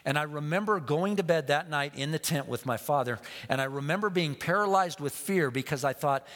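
A man's voice: on the high side, expressive, fairly quick, few pauses, fairly bright tone. A man preaching a sermon, telling a personal story with repeated phrases and sometimes dropping to a whisper. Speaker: pastor. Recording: long hall reverb.

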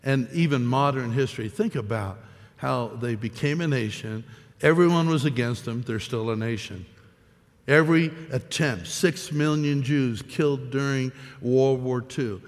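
A man's voice: mid-range voice, big-room sound. A man preaching a sermon in an earnest way, repeating phrases for emphasis. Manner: earnest, repetitive emphasis, measured delivery.

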